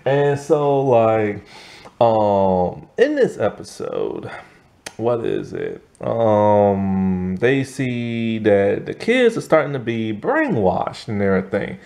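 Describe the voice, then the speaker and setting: Rambling man with a lively voice. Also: lowish voice, slow pace, vocal fry. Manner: rambling, filler-heavy, self-correcting. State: tired, yawning. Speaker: show reviewer. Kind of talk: casual spoken episode review.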